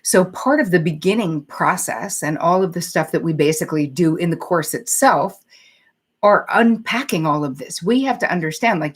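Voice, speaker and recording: A woman therapist talks straight to her live viewers with a slightly low voice. Her manner is candid and conversational, with casual swearing. She stops now and then to read out viewer comments. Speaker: psychotherapist and show host. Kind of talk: live-streamed talk to viewers.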